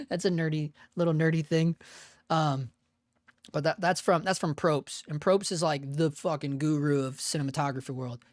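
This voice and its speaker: A man's voice: a little high, dry recording, clean studio sound. A man hosting a casual live stream, laid-back and profane, laughing often and calling people dude and bro. He has an unusual voice that he uses for cartoon work.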